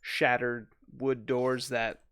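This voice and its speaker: A man's voice: mid-range voice, little pitch movement, slow, fairly bright tone, clean tone, no echo. A man narrating as game master of a tabletop game, chatty, laughing often and stumbling over repeated words.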